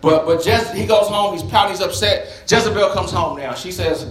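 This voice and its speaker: Folksy high-voiced pastor preaching, recorded in a reverberant sanctuary. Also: male voice, a little fast, few pauses. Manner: animated, folksy, talks straight to the congregation. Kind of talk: sermon.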